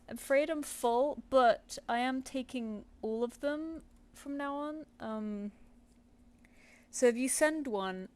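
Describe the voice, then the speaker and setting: A woman's voice: fairly high pitch, a little mellow. Chatty British woman live-streaming. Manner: chatty, rambling, with many fillers. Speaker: streaming artist. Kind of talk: casual live-stream chat.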